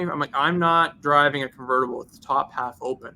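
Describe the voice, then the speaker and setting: On a podcast, a detailing shop owner spins a long story, animatedly voicing both people in each exchange. His voice is medium-pitched and creaky, and he talks fairly quickly.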